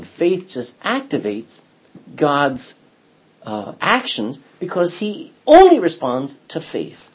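A man's voice: on the high side, huge pitch swings, takes it slowly, breathy edge. A man leading a Bible study, reading scripture aloud and explaining it with emphatic repetition and questions to the class. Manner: emphatic, repeats key words, asks the class questions. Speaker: Bible teacher.

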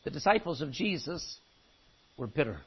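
A man preaching a sermon, animated, acting out voices from the scripture he reads. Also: a little high, moderate pace, husky. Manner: animated, acts out biblical voices. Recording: dull lo-fi recording.

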